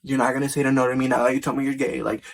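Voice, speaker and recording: A man voicing a pushy, aggressive, crude man in a retold story, with a quieter, lower and blunt delivery. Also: little pitch movement, racing, creaky, lightly acted.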